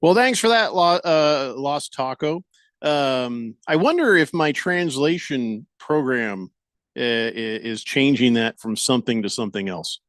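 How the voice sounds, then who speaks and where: Rambling radio host with lively pitch. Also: male voice, a little slow, no echo. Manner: rambling, jokey, stammers and restarts; acts out quoted voices for laughs. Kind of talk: casual sports radio chat.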